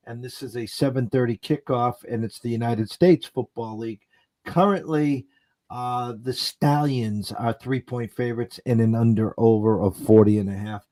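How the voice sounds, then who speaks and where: A man's voice: mid-range voice, fairly even intonation, normal speed, warm tone. A man hosting a sports betting show in casual chat, with a wry, sarcastic manner.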